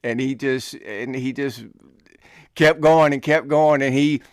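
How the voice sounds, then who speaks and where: A middle-aged man hosting a podcast, telling an army story in a casual, animated way, often laughing and acting out shouted quotes. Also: mid-range voice, slow pace, clear, resonant tone, no room sound, studio quality. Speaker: podcast host.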